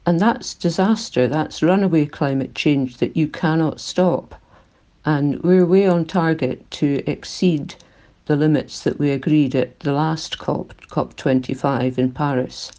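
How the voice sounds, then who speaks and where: An older woman with a Glaswegian accent speaks in a recorded interview. Her voice is mellow and dark, and she talks earnestly, with feeling that makes it shake now and then. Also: deep voice, a little slow. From Scotland. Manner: earnest, emotional, voice shaking at times. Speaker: climate activist.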